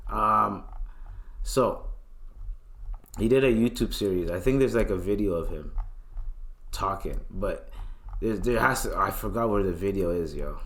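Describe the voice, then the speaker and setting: A man hosting a podcast alone, ranting loosely with lots of slang and swearing. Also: fairly low pitch. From Canada. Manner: loose, profane, rambling rant with slang. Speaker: podcast host. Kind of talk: casual solo commentary.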